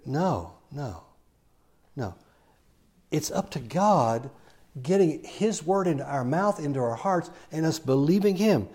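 A man preaches a sermon in a husky voice, his pitch swinging widely as he retells a Bible story. He acts out the quoted lines and talks the story through in a plain, conversational way. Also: sing-song, takes it slowly, mellow.

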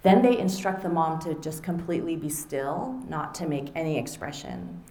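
A middle-aged woman author giving a conversational talk to an audience, animated and acting out little quoted exchanges. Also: low voice, normal speed. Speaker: author and speaker. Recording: roomy echo.

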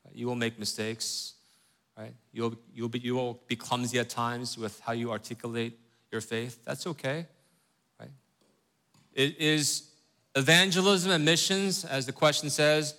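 Man, Bible teacher, bright forceful voice, questioning, keeps asking "right?". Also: mid-range voice. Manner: asks the listeners questions and often checks in with "right?"; earnest, reads scripture slowly with rising emphasis.

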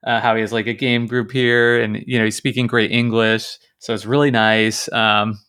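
A man's voice: mid-range voice, level tone, moderate pace, pushed and bright, smooth. A young man from Kansas co-hosting a podcast, telling stories in a chatty way full of fillers and restarts. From Kansas, United States. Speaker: podcast co-host. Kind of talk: casual podcast chat.

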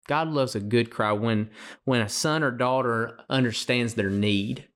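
A man's voice: mid-range voice, unhurried, a bit bright. A man co-hosting a faith podcast, talking earnestly in a preaching style and often repeating words as he starts a thought. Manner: emotional, gets choked up. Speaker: podcast co-host.

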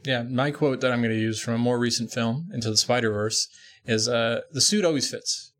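A man's voice: medium pitch, flat delivery, fairly quick, a bit bright. A man hosting a podcast, chatting in an easygoing, encouraging way. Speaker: podcast host. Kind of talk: casual podcast conversation.

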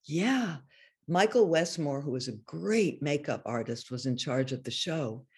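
Older lady swapping stories in an interview, gravelly fry in the voice, chatty, laughs a lot. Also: deep voice, animated, unhurried, a little mellow. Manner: chatty, laughing often, many restarts. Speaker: interview guest. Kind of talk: casual anecdotal storytelling.

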